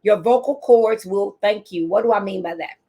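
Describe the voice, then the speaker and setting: A woman's voice: medium pitch, moderate pace, mellow, slightly rough. A middle-aged woman teacher and speaker giving a motivational talk to teachers, telling stories and repeating her key phrases.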